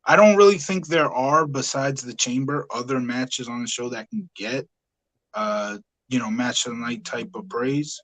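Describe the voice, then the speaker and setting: Casual guy hosting a wrestling-review podcast, mid pitch, rambly easygoing chat, lots of uh's. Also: expressive, moderate pace, a bit bright, poor audio. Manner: talkative, easygoing, frequent "uh" and "yeah". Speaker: podcast host.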